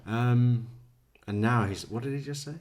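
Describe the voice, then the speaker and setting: A man's voice: medium pitch, a little mellow, a little hiss or hum. A man giving sardonic true crime commentary, laughing often at what he plays. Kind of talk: casual commentary.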